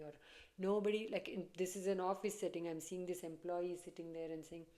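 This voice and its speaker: A woman's voice: fairly low pitch, moderate pace, dark tone. A woman giving a casual tarot reading, chatty and repetitive, often breaking into laughter. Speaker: tarot reader.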